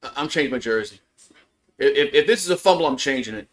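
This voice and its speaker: A man's voice: mid-range voice, animated, quick pace. A man doing casual live play-by-play of a football game as a fan streamer, frustrated, swearing and repeating himself.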